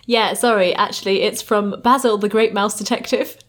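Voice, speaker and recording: Woman, podcast co-host, casual episode chat, middle pitch, speculative, trails off. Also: steady tone, normal speed, fairly bright tone. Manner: chatty, speculative, trailing off and laughing often.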